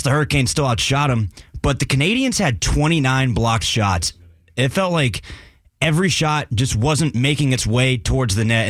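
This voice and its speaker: A man's voice: mid-range voice, dry recording, clean studio sound. A man giving candid, wry hockey analysis as a guest on a sports radio show. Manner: candid, wry, stat-heavy breakdown.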